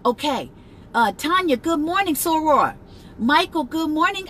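A woman life coach hosting a casual live stream, chatting, laughing often and greeting viewers by name, then turning slow and emphatic to make a point. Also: high-pitched, sing-song, fairly bright tone, slight background noise. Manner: turns slow and emphatic when teaching.

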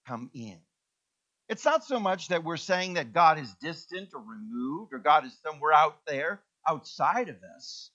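A high, bright-toned man delivers a sermon from the pulpit, animated and engaging, coaxing the congregation to repeat words after him. The recording has a dull, lo-fi quality. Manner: animated, teaching the congregation call-and-response words. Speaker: pastor.

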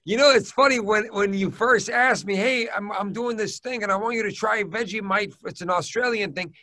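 A comedian guest with a high, bright, sharp-edged voice, joking and teasing his host in playful banter. His talk is casual and quick to poke fun. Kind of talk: casual joking video chat.

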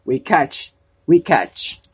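A man's voice: a little high, very animated, very slow, husky, full character voice. A man reading a storybook, voicing an earnest young male owl who speaks plainly and doggedly. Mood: indignant.

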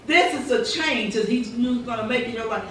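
A woman's voice: on the high side, moderate pace, fairly bright tone, a little hiss or hum. A woman pastor preaching a sermon with fervent, repetitive phrasing and rhetorical quotes, heard in a church sanctuary. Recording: echoey church recording from far off.

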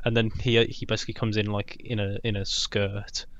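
A man's voice: lowish voice, flat delivery, a little fast, a bit bright, no echo, dull audio. Laid-back man co-hosting a podcast, dry sound. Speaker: podcast co-host. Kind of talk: casual film rant.

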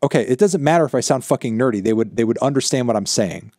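A man's voice: medium pitch, lively intonation, fast talker, a little mellow, no room sound, clean studio sound. A man hosting a casual chat, exasperated and emphatic, who swears a lot. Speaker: host.

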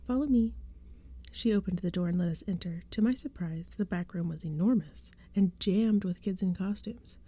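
A woman reading a spooky storybook in a soft-spoken ASMR style. Her narration is hushed and gentle, with a breathy, dark and mellow voice. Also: lowish voice, normal speed, hardly any pauses.

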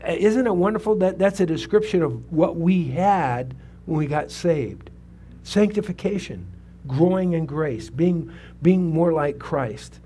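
An older man in his seventies preaches in a church sanctuary, his voice sitting a little high for a man. He tells his testimony in a loose, conversational way and keeps asking the congregation questions. A faint hum runs underneath the recording. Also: unhurried, few pauses, mellow. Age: 70s. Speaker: pastor. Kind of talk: sermon with personal testimony.

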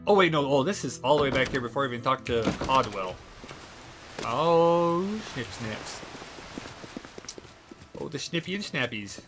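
A man's voice: medium pitch, expressive, a little slow, long pauses, music in the background. A young man livestreaming a video game, chatting casually and playfully, giggling and talking to the characters. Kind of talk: casual gameplay commentary.

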